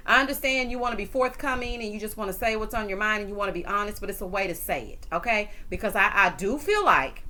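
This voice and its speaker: A woman giving a casual, sassy recap of a reality TV episode, full of asides and calling people honey and child. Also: medium pitch. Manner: sassy, animated, calls viewers honey and child. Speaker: TV recap vlogger.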